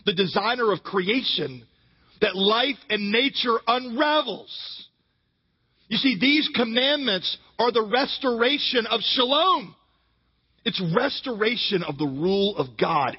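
A man preaching a sermon in a lively, joking way, tossing rhetorical questions at his listeners. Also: sits high, slightly rough. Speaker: pastor. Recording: dull recording with long hall reverb.

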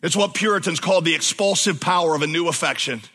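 A man preaching a sermon in a church, dropping to a slow hush for emphasis, then rising to loud exclamations. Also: fairly high pitch. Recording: long hall reverb.

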